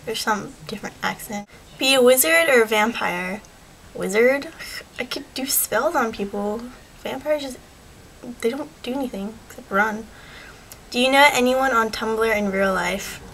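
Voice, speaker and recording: Casual teenage girl, bright-pitched and chatty, recorded at home with a light hiss. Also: expressive, poor audio. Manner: chatty, reads word list slowly. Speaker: vlogger. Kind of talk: casual accent challenge reading.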